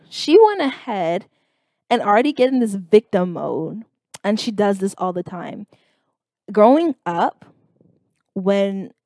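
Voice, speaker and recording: A young woman telling a story in a casual vlog, animated and exasperated, with lots of filler words. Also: mid-range voice, no room sound, studio quality. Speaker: vlogger.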